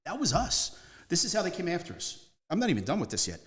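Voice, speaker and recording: A man's voice: sits high, huge pitch swings, quick pace, fairly bright tone. Rambling man telling stories. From Northeast Philadelphia. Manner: rambling, emphatic, jumps between stories. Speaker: guest. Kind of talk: casual storytelling interview.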